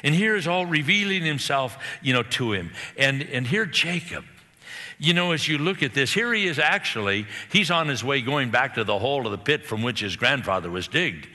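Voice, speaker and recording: Man preacher, animated sermon storyteller, bright forceful tone, long hall reverb. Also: medium pitch, moderate pace. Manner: animated, acts out the characters' lines.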